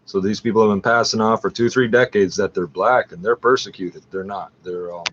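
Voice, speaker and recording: A man's voice: on the low side, fairly even intonation, fairly quick, fairly bright tone, highs cut off. A man ranting in a profane, agitated, rambling way while scrolling through a screen share.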